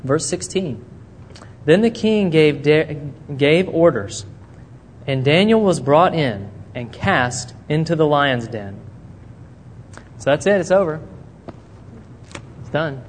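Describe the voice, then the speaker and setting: A man's voice: on the high side, slow, pauses often. A man preaching a sermon, telling a Bible story and acting out the characters' words. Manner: animated storytelling, acting out quotes. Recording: long reverb in a hall, faint noise.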